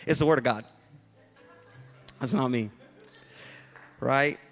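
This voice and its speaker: A man's voice: mid-range voice, takes it slowly, fairly bright tone, in a large hall, soft background music. A male pastor preaching a sermon to a congregation, emphatic and rhetorical, with playful asides to the room. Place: church hall before a congregation.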